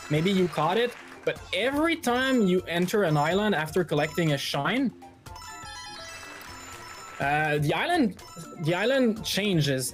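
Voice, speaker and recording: A speedrunner giving relaxed, filler-heavy live commentary while playing, a little out of breath. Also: medium pitch. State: slightly out of breath.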